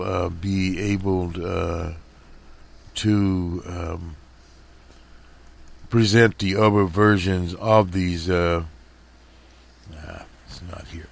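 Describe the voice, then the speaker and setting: Man, radio host, very low gravelly voice, slow halting talk, strained voice, fillers. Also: fairly even intonation. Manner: halting, many fillers and restarts. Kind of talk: casual commentary over headlines.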